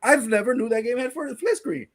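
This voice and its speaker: A man co-hosting a casual gaming podcast, talking in an animated, incredulous way and swearing casually. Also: extremely high pitch, quick pace. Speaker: podcast co-host. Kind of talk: casual chat.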